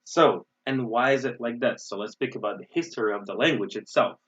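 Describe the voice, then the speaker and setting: A man's voice: medium pitch, brisk, a bit bright. American man, english teacher, webinar lesson, explanatory, muffled distant mic. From USA. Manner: explanatory, frequent "right?" and "um" fillers.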